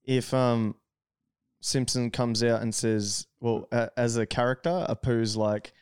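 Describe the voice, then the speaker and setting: A man's voice: medium pitch, steady tone, measured pace, clear, resonant tone, no echo, clean studio sound. A man hosting a casual podcast chat, talking loosely with lots of "like" and casual swearing. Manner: loose and conversational, heavy use of "like", swears casually.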